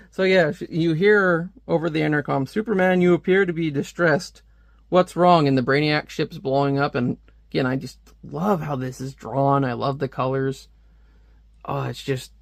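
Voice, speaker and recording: A man's voice: mid-range voice, creaky, dry recording, clean studio sound. A man casually reviewing a comic book, rambling and sarcastic as he reads panels aloud.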